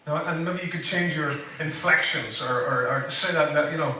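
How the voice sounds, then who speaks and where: A man's voice: fairly high pitch, moderate pace, hardly any pauses, sharp tone, a little hiss or hum. A man giving a casual sermon, rambling with joking asides and many fillers. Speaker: preacher. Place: church hall. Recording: echoey room, voice from a distance.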